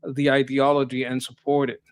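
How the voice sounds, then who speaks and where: A man's voice: medium pitch, completely flat delivery, a little fast. Blunt, swearing male livestream co-host. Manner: blunt and profane, stumbles, mocks people in put-on voices. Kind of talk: casual livestream commentary.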